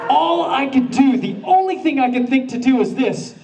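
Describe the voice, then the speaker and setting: A man's voice: very high voice, animated, normal speed, gravelly, a loud crowd, heavy background noise. A man at a convention panel telling a comic anecdote on stage, acting out his own panic in quoted bits. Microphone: filmed from the audience at a distance. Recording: distant audience camera recording.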